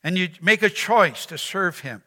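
A man's voice: sits high, animated, a little slow, bright, forceful tone, long reverb tail. A man preaching a sermon as pastor, earnest, repeating phrases and asking the congregation rhetorical questions.

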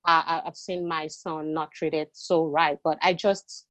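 A woman who immigrated to Canada, sharing her experiences as a podcast guest in a lively storytelling way. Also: low-pitched, unhurried, dry recording. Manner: animated, acting out quoted exchanges. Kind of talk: personal storytelling.

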